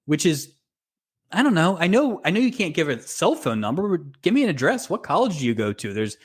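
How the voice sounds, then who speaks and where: A man co-hosting a casual podcast, giving opinionated and animated commentary. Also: fairly high pitch, fairly quick, husky. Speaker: podcast co-host.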